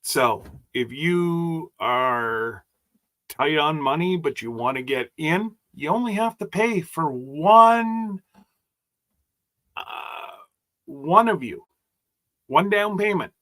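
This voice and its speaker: A man's voice: a little high, lively intonation, slow, pushed and bright. A man hosting a casual livestream chat, rambling and joking as he stumbles over his words. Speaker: host.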